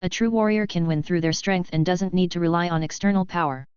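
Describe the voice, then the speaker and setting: A woman voicing a stern, cold male battalion commander with a severe voice, in a measured, even delivery. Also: fairly low pitch, smooth, dry recording, natural voice. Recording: slightly dull dry recording.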